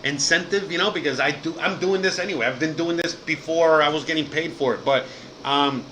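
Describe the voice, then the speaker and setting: A man speaking to his viewers in a loose, rambling monologue, with a bright, forceful edge to his voice. He swears often and keeps circling back with "you know what I mean". A faint hiss of noise sits under the recording. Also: on the high side, brisk. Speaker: channel host.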